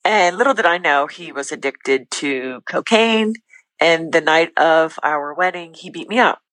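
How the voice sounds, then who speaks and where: Bright-voiced middle-aged woman, earnest. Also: deep voice, expressive, no echo, rough recording. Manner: earnest, faith-filled, talks in quick bursts with restarts. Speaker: podcast guest. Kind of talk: candid personal testimony.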